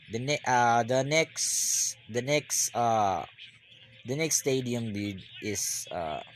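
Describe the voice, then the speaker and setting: A man giving live basketball reaction commentary, rambling and repeating himself, then bursting into excited yells. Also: mid-range voice, slight background noise.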